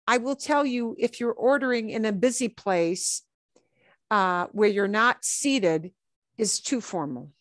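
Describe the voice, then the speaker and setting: A middle-aged woman teaching Spanish on a video call, chatty and easygoing. She slips Spanish phrases into her English and repeats them slowly. The sound is dry and close, with no room echo. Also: medium pitch, fairly bright tone. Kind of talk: online class lesson.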